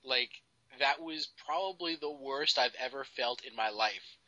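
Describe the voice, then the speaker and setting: Bright-voiced male co-host, dry, slightly dull recording. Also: medium pitch, a little slow, no echo. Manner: rambling, lots of "like". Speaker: podcast co-host. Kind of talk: casual podcast chat.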